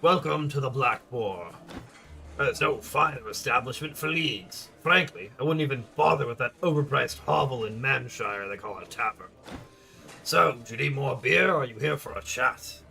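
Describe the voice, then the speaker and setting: A folksy tavern keeper with a homespun Southern drawl, as a man puts him on. He rambles hospitably about the village, his voice bright and forward at an ordinary middle pitch. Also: moderate pace, vocal fry. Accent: attempted American Southern drawl. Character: jovial village tavern keeper, proud storyteller.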